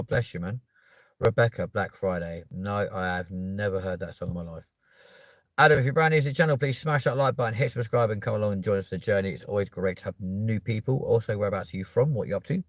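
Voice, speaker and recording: A young man with a London accent hosts a casual livestream, reading comments and chatting cheekily with viewers. His voice sits fairly low, and he bursts into loud, excited pushes for subscribers. The sound is dry and close, with no room around it. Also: no room sound. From England. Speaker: livestream host.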